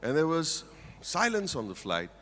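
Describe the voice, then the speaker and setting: Playful older man, Indian English, bright. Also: a little high, huge pitch swings, normal speed. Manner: playful, teasing the audience. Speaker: motivational speaker at a corporate event. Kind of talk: humorous stage speech. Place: large auditorium stage. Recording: reverberant auditorium.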